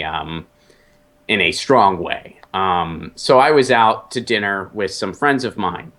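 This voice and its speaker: A man from the United States tells a personal story in a casual, animated way. He stops and restarts often, filling the gaps with uh and you know. His voice sits fairly low but sounds bright and forceful. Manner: animated, halting with fillers and restarts. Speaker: commentator telling a personal story.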